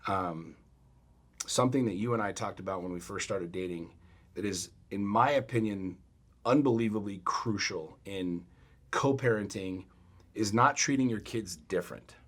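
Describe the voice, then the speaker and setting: A middle-aged man co-hosting a podcast, telling a story in a blunt, profane, animated way. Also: on the low side, moderate pace. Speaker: podcast co-host. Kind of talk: casual chat.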